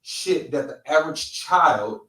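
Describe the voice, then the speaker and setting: A middle-aged Californian man co-hosts a casual podcast roundtable, speaking bluntly and swearing a lot as he tells emphatic stories. His voice sits on the high side, bright and pushed, expressive and unhurried. The recording sounds roomy, with a distant mic.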